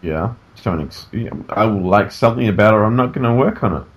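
A man co-hosting a casual podcast, teasing and animated, laughing often. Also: fairly low pitch, fast talker, husky. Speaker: podcast co-host and game developer.

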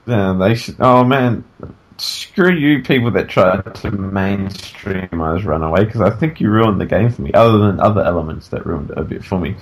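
A sleepy man co-hosts a casual podcast from bed. He keeps yawning but talks in an animated, joking way, trailing off and restarting as he goes. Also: deep voice, normal speed. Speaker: podcast co-host. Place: in bed at home.

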